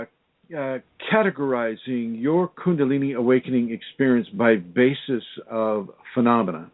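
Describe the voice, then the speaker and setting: A man's voice: mid-range voice, moderate pace. A man hosting a radio interview, asking probing questions over a tinny phone line. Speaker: radio show host and spiritual teacher. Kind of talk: interview on a call-in radio show.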